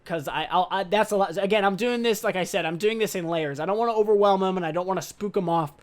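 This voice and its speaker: Rambling young man, slightly high voice. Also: quick pace. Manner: rambling, loose and slangy with casual swearing; excitable, upbeat. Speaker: podcast host. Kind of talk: casual podcast monologue.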